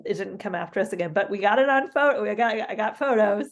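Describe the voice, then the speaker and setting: Speaking at a quick pace in a mid-range voice, this woman co-hosts a podcast and animatedly recounts a travel story, laughing along the way and filling it with fillers.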